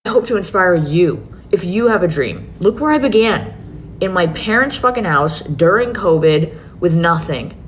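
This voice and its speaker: Woman, low voice, beauty brand founder, earnest, casual swearing, faint rumble behind. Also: big pitch swings, unhurried. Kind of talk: emotional announcement video.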